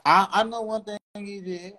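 A young man with a Chicago accent, joining a livestream and teasing in a relaxed way. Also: high voice, moderate pace. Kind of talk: casual livestream chat. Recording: faint background noise.

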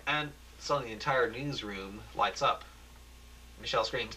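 A man narrating a homemade radio play, halting and restarting often, with a bright, forceful tone. A faint hum runs under his voice. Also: mid-range voice. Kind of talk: amateur radio play reading.

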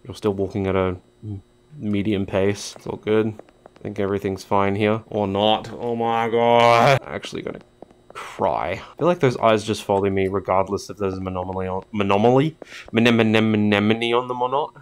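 A man with a fairly low voice narrates his own gameplay in a loose, jokey let's-play style. He swears freely and chats directly to the characters on screen as he plays. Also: steady tone, moderate pace, clear, resonant tone. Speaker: gaming YouTuber.

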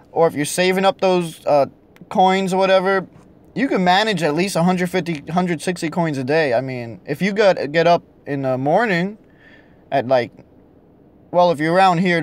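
A young man talking to himself while he plays a phone game, frustrated and swearing, a little hoarse from losing his voice. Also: sits high. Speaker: vlogger playing a mobile game. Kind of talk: casual vlog commentary.

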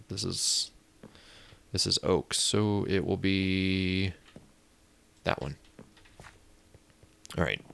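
His voice sits low and gravelly yet fairly bright in tone. The young man, a gaming YouTuber from Indiana, USA, casually chats and rambles as he plays, jumping at sudden scares.

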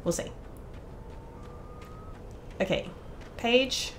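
A woman's voice: extremely slow, a little hiss or hum. A woman playing a horror game, talking casually to herself, swearing freely and screaming when startled. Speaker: let's play streamer. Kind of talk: casual gameplay commentary.

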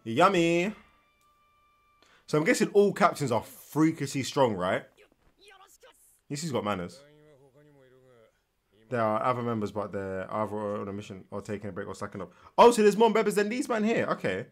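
A young man giving casual, animated reaction commentary while watching, tired and yawning, with slangy asides and frequent repeated words. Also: mid-range voice, moderate pace, long pauses. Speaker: anime reaction host. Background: faint anime soundtrack.

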